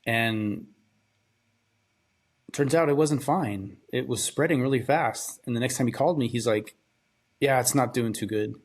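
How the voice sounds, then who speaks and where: A young man with a medium-pitched voice hosts a podcast and recounts a personal story. He speaks haltingly and quietly, with grief in his voice, often trailing off and repeating words.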